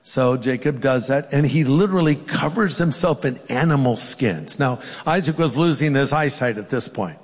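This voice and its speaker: A man preaching a sermon as a pastor, telling the story lively and acting out the characters' voices. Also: mid-range voice, moderate pace, hardly any pauses, husky, in a large hall.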